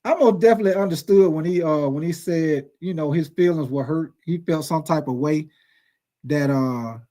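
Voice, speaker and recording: A man's voice: on the high side, moderate pace, warm tone. A man hosting casual sports talk, emphatic and full of profanity.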